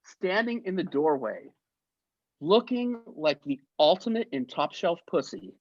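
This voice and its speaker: A man in his fifties, a guest on an interview, telling stories in a lively way and acting out the people in them. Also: a little high, unhurried, dull audio. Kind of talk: anecdotal storytelling.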